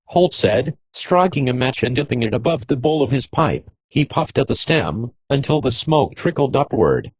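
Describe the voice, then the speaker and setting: A man's voice: mid-range voice, big pitch swings, moderate pace, few pauses, darkish tone, husky, no echo. A man reading a western novel aloud as an audiobook narrator, giving the dialogue light character shading.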